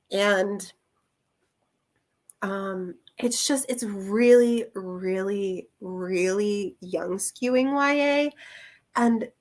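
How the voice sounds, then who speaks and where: A woman's voice: mid-range voice, fairly bright tone. A young woman chatting casually through a book review, rambling with plenty of fillers and little laughs.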